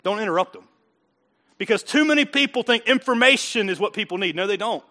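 A man preaching a sermon, his voice pitched high and ringing bright. He talks in a folksy, emphatic way, dropping to quiet asides and then swelling into loud, driving bursts. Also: animated, a little fast. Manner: folksy, emphatic preaching with rising outbursts and chuckles. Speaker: pastor.

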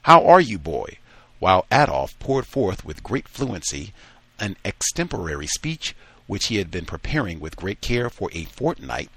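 A man hosting a call-in talk show, reading a passage aloud and then chatting in relaxed asides. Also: low voice, normal speed, slightly rough, dry recording. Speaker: radio talk show host.

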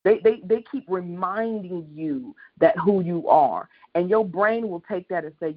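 Husky preacher over a lo-fi phone line. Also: medium pitch, a little slow, few pauses. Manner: impassioned, repetitive, swells to loud peaks. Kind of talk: sermon on a prayer line.

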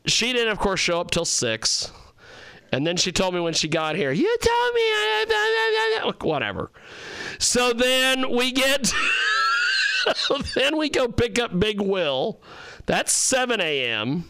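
A man hosts a radio show in a high, bright, very clear voice that swoops up and down. He talks at an unhurried pace, rambling through stories and laughing often. The sound is dry and close. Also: huge pitch swings, no room sound. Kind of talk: casual radio chat.

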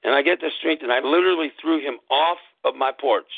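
A man hosting a show, telling a personal story in a slow, deliberate way and spelling things out letter by letter. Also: on the high side, creaky, slightly rough, dry recording. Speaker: podcast host. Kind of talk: casual storytelling monologue. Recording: tinny phone-like line, dry.

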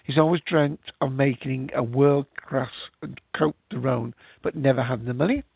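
Male host, rambling casual chat, gravelly fry, dry phone-like sound. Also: mid-range voice, moderate pace, no echo. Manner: rambling, chatty, many fillers. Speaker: podcast host. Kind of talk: casual live-show chat.

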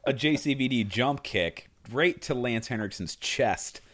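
A man's voice: medium pitch, lively intonation, a little slow, over a noisy crowd. A man co-hosting a casual movie podcast, animatedly retelling scenes and acting out lines. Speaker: podcast co-host.

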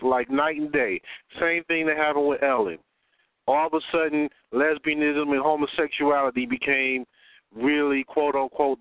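A man's voice: on the high side, no room sound. An older man calling in, making his points in a preachy, emphatic way. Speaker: caller. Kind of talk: impassioned phone-in commentary. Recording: dry, tinny phone line.

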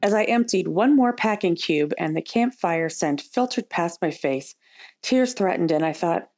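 A woman's voice: fairly low pitch, lively intonation, moderate pace, darkish tone. Upbeat woman hosting a travel podcast. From United States. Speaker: podcast host. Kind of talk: scripted travel podcast narration.

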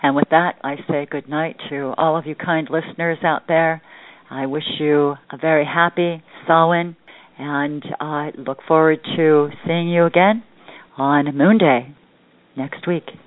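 A man hosting a podcast, reading a fairy tale aloud in a steady, deliberate way. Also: a little high, no echo. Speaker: podcast host and storyteller. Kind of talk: storybook reading. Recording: tinny phone-like line, faint music.

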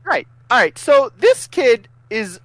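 A man's voice: very high-pitched, very animated, takes it slowly, a bit bright, no room sound. A man co-hosting a podcast, chatting casually, laughing often and setting up clips for the others. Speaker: podcast co-host. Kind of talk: casual chat.

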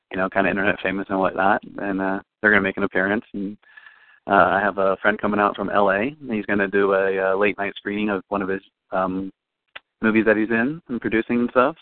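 A man with a lowish voice talks fast and rambles, full of ums as he describes his event. The sound is thin and tinny, like a phone line. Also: no echo. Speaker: event organizer guest. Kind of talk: casual interview chat. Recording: tinny, phone-like dry audio.

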